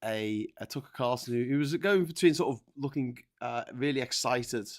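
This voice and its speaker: A man's voice: medium pitch, moderate pace. A man co-hosting a casual political chat, making exasperated, sarcastic asides.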